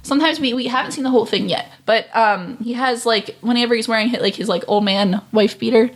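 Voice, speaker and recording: A woman's voice: on the high side, brisk. A young woman co-hosting a casual reaction show, rambling with lots of ums while she reads out trivia and viewer comments. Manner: rambling, with frequent ums and laughs. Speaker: co-host of a show reacting to cartoon episodes. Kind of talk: casual chat.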